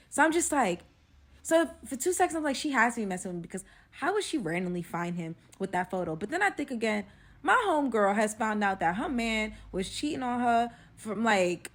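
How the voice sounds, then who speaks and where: A young woman telling a personal story in a casual, chatty way, full of fillers and acted-out quotes. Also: medium pitch. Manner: chatty, animated, many fillers.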